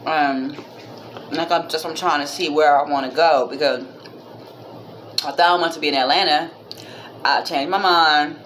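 Low-voiced chatty woman vlogger. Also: steady tone, moderate pace, long pauses, fairly bright tone, a little hiss or hum. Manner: chatty, rambling, addresses viewers as "y'all"; heartfelt, religious. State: minor cough. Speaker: vlogger, mother. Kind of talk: casual chat to camera.

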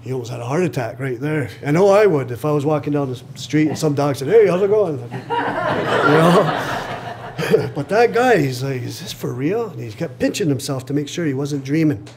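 A man telling a traditional story aloud to an audience in a lively way, acting out the voices and chuckling at his own jokes. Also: on the high side, moderate pace, background noise. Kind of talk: live oral storytelling. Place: live reading event.

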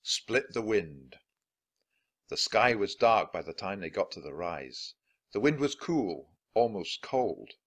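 A man reading a children's chapter book aloud, clear and deliberate for learners of English. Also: on the low side, very animated, a bit bright. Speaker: storybook reader.

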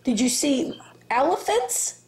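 Playful high woman doing baby talk. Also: big pitch swings, slow pace, creaky, a little mellow. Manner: playful, laughing baby talk with animal sounds. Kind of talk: casual home video talk to a toddler.

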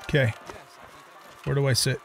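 A man's voice: medium pitch, little pitch movement, moderate pace, gravelly. Male gameplay streamer, hesitant, bemused commentary over game music. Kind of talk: casual let's-play commentary.

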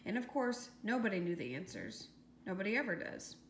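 This audiobook reader has a medium-pitched, sing-song voice and reads fairly quickly. She narrates a scripted rhyming children's story in a lilting way, recorded in an echoey room with a faint hiss.

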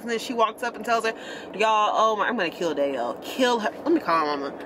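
A woman's voice: fast, noisy background. Chatty young woman vlogging. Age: 20s. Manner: chatty, animated storytelling, high-pitched when quoting others. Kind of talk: casual chat.

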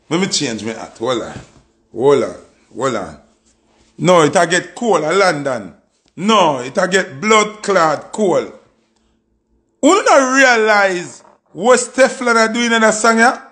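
A Jamaican man hosting an excited music reaction, exclamatory and swearing freely. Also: sits high.

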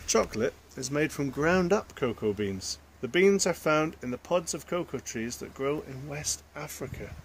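A man reads a children's picture book aloud in a lively voice that swings up and down in pitch. He breaks off for chatty asides to his young listeners. A faint hum of background noise runs underneath. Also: normal speed, hardly any pauses. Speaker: storyteller.

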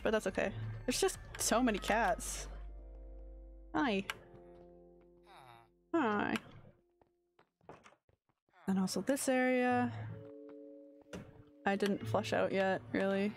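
With faint music in the background, a woman game streamer gives casual, drowsy, rambling commentary, often struggling to find her words. Her voice is medium-pitched and a little slow.

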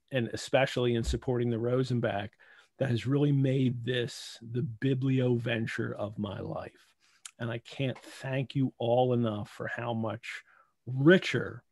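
A man hosting a live video call, giving heartfelt, halting thanks to his co-hosts and audience while holding back tears. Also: medium pitch, darkish tone, dry recording. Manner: heartfelt, halting, many restarts. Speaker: host. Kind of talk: emotional closing remarks on a live video call.

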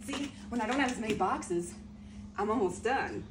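Excitable, over-caffeinated woman vlogger unboxing finds, casual chatter, noisy home recording. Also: medium pitch, brisk. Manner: chatty, excitable, talks to viewers while unboxing. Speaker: reseller vlogger.

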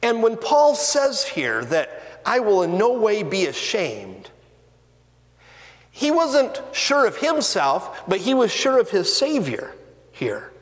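A man pastor preaching a sermon in a church sanctuary, earnest and deliberate, with rising and falling emphasis. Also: high voice, huge pitch swings, fairly bright tone. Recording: long reverb of a church hall.

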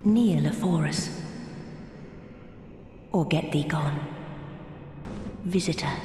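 An imperious vampire queen with a crisp upper-class English accent and archaic speech. She speaks slowly, her words ringing through a long, echoing hall. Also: sits low, music in the background. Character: haughty vampire queen of a castle.

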